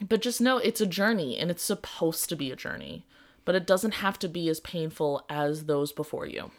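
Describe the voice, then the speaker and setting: A woman's voice: low voice, big pitch swings, moderate pace. A young adult woman hosting a casual podcast, telling earnest stories and laughing easily. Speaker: podcast host and music teacher.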